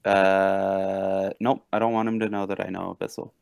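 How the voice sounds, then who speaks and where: A man's voice: deep voice, flat delivery, normal speed, vocal fry, a little mellow, clean tone, no room sound. A man playing a tabletop game, speaking hesitantly and stammering as he describes his actions. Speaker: player.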